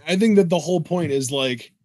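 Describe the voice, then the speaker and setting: A man's voice: on the high side, brisk, no room sound. A young man co-hosting a casual podcast, teasing his partner and reading out listener questions. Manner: animated, teasing, laughs a lot. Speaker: co-host.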